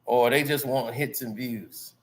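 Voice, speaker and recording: A man giving casual commentary, animated and laughing often. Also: mid-range voice, measured pace. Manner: animated, laughing, mimics loud greetings.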